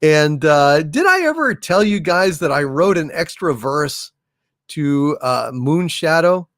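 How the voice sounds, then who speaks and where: Stream host, male, gravelly and unhurried, slightly higher voice, dry close sound, reads and hails viewers. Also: animated, a bit bright, dry recording. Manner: hails and thanks viewers by name, drawn-out unhurried delivery. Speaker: livestream host. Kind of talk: casual livestream chat, reading viewer messages.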